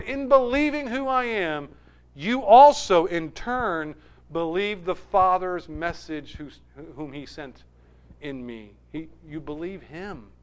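Male pastor, high smooth voice, emphatic sermon delivery with big loud-to-quiet swings.

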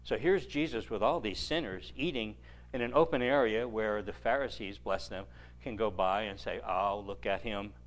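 Animated male preacher, dry humor. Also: on the low side, normal speed. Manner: animated storytelling with dry joking asides. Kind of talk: sermon.

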